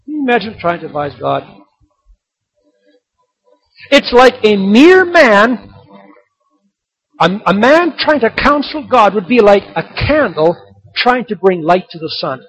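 Man preaching, middle-aged, husky, animated swings in pitch. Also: a little slow, long pauses. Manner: animated, rising to emphatic shouts on key lines. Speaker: pastor. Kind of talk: sermon with told jokes. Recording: dull lo-fi sermon recording.

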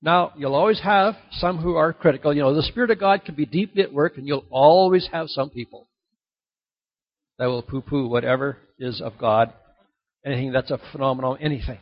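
A male pastor preaching a sermon in an animated way, his voice climbing to excited peaks. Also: a little high, a little fast. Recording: dull lo-fi sound.

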